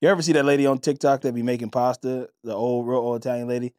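A man's voice: mid-range voice, level tone, quick pace, a little mellow, no echo. Young guy cohosting a pod, slangy and jokey, medium voice, dry close mic. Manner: joking, slangy, laughs often. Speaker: podcast co-host. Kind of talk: casual chat.

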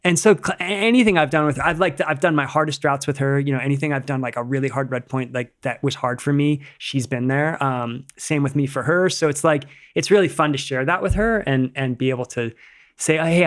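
A man in the guest seat of a casual podcast, spinning a rambling story with plenty of swearing and easy laughter. His voice sits at a middle pitch, and his phrasing stays loose and conversational, with "like" strung through nearly every sentence. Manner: animated, swears freely, laughs while telling stories. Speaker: podcast guest, rock climber.

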